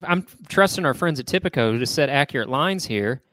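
A man's voice: mid-range voice, expressive, brisk, fairly bright tone, no echo. Guy cohosting a sports podcast, joking around, dry close mic sound. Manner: joking, breezy banter. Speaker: podcast co-host. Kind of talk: casual sports podcast chat.

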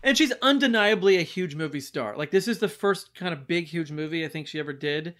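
Podcast co-host: a higher-pitched man, lively and quick to laugh, chatting about movies. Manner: animated, laughs often, mocks accents. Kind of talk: casual movie review chat.

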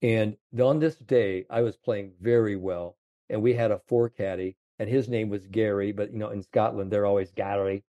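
A man in his seventies, a golf confidence coach, telling animated stories in an interview, full of "you know". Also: on the low side, moderate pace, no echo, highs cut off. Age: 70s. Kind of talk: storytelling interview chat.

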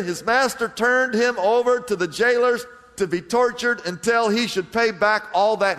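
A man preaching a sermon as pastor, swinging between loud emphatic bursts and hushed, low passages. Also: unhurried, hardly any pauses, in a large hall.

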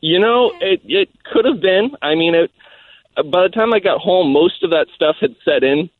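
A man's voice: sits high, animated, normal speed, no room sound. Male radio caller, hesitant storyteller, thin phone-line audio, dry. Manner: rambling, hesitant, many fillers.

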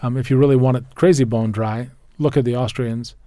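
Mellow guy rambling about wine and braises, lots of restarts, dry close sound. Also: medium pitch, fairly even intonation, a little fast, dry recording. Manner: enthusiastic, rambling with many restarts, spells out wine names. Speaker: wine expert guest. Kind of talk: casual food and wine chat.

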